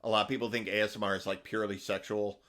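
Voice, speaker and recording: A middle-aged man co-hosts a podcast with a fairly low voice. He chats casually, wandering through his points with fillers and restarts. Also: little pitch movement, very fast, a bit bright. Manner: rambling, many fillers and restarts. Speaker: podcast co-host. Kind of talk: casual chat.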